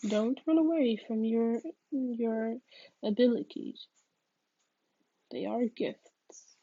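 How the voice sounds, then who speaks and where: A woman voicing a mysterious female psychic with a deep voice, stern and insistent. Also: takes it slowly, breathy edge, no room sound, muffled recording, heavily acted.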